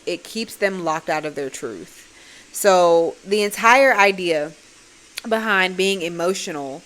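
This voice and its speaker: A woman's voice: fairly low pitch, fairly bright tone. A young woman hosts a solo podcast, speaking bluntly and conversationally, with plenty of swearing and a preachy edge. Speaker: podcast host.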